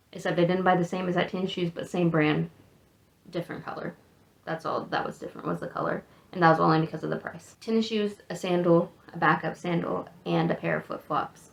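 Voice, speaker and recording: Gravelly, chatty American woman vlogger. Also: on the low side. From United States. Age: 30s. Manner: chatty, rambling, self-deprecating. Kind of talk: casual get-to-know-me vlog.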